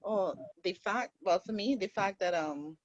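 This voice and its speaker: A man's voice: sits high, measured pace, no room sound, lo-fi sound. A man in an acting class sharing what stood out to him, hesitant and restarting his sentences. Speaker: acting student.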